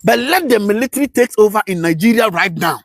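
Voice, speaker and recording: A man hosting a live political commentary stream, ranting passionately with rhetorical questions, swinging between shouts and low mutters. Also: lively intonation, fast, vocal fry, dry recording.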